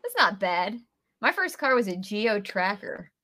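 A woman's voice: mid-range voice, big pitch swings, a little slow, bright, forceful tone, dry recording. A woman on a live podcast, reacting with amusement in casual chat. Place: live show with audience. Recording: crowd heard behind her.

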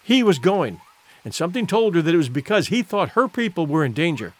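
A man narrates a classic adventure tale in a fairly high voice. His pitch moves a lot, rising and falling with the drama. The reading is expressive and theatrical, in a scripted storybook manner. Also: brisk, no room sound. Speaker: audiobook narrator.

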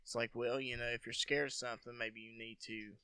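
A man's voice: medium pitch, little pitch movement, brisk, bright, forceful tone, smooth, no room sound. A man hosting a podcast, telling long profane stories in casual chat, laughing often. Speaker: podcast host.

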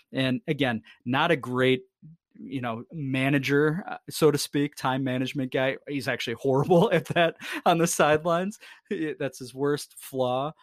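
A man's voice: mid-range voice, no room sound, clean studio sound. A man in his thirties, a podcast co-host in casual sports chat, rambling and profane with self-deprecating jokes.

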